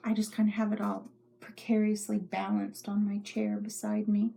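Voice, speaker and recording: A woman's voice: medium pitch, monotone, normal speed, creaky, warm tone, slightly rough. A middle-aged woman hosting a knitting podcast from her home craft room, rambling chattily and often dropping into whispers. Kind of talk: casual show-and-tell chat.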